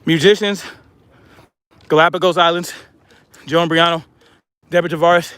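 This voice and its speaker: A man's voice: on the high side, steady tone, normal speed, fairly bright tone, clean tone, no echo. A man talking bluntly to his viewers while hiking uphill with a pack, out of breath, calling them y'all. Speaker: vlogger. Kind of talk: casual monologue while hiking. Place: outdoors on a hiking trail.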